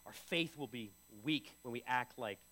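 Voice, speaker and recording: A man's voice: mid-range voice, normal speed, pushed and bright. A man preaching a sermon in a conversational way, often repeating and restarting his words. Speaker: pastor.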